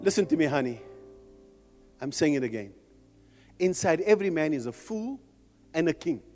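A man preaching a fervent sermon at a men's conference, impassioned and rising to shouts, teasing the crowd between points. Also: a little high, very animated, moderate pace. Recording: long hall reverb with music behind.

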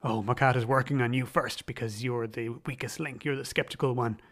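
A man's voice: mid-range voice, steady tone, fairly quick, fairly bright tone, lightly acted. Stern commanding occult leader, urgent and serious, as a man quotes him in a recap.

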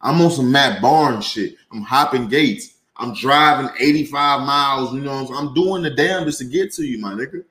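Husky and barely pausing, a man hosts a podcast at normal speed, ranting casually and swearing heavily. As the rant heats up, he grows louder and higher.

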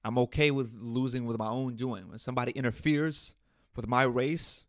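A man's voice: mid-range voice, normal speed. A young man hosting a podcast, ranting in a casual comedic monologue, swearing and laughing at himself, recorded on a studio mic. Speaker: podcast host. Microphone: studio mic through audio interface.

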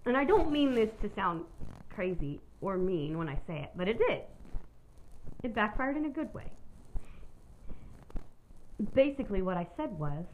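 A woman's voice: mid-range voice, big pitch swings, unhurried, pauses often, phone-quality sound, slight background noise. A woman hosting her own podcast, telling a personal story in a candid, rambling way and swearing freely. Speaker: podcast host.

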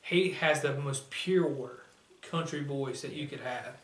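A man's voice: medium pitch, takes it slowly, fairly bright tone. A man co-hosting a casual talk show, rambling with lots of fillers and casual swearing. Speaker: podcast co-host. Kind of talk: casual chat. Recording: echoey room, mic at a distance, faint noise.

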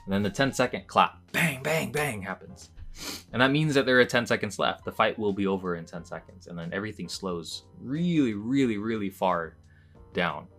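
A young man hosting a podcast, telling a personal story in a casual, chatty way, with lots of fillers and bursts of excitement as he relives moments. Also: lowish voice, moderate pace, soft background music. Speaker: podcast host.

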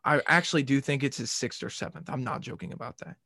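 A man's voice: medium pitch, quick pace, bright, forceful tone, dry recording, clean studio sound. A man hosting a casual sports podcast, rambling and joking, ranting and swearing as he goes. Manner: rambling and jokey, swears and rants. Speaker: podcast host.

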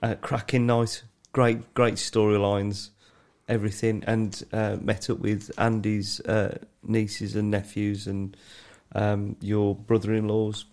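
A man's voice: on the low side, little pitch movement, slow, few pauses, a little mellow. A man with kids, a podcast co-host telling a funny story in casual, sweary chat. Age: adult, has kids. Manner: swearing, laughing, breaks into mimicry.

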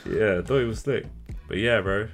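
A young man from London, co-hosting a casual podcast and telling stories in an animated way, swearing freely and acting out what people said. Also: on the low side, normal speed, faint music behind. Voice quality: swears freely, animated storytelling with acted-out quotes. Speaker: podcast co-host. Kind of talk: casual chat.

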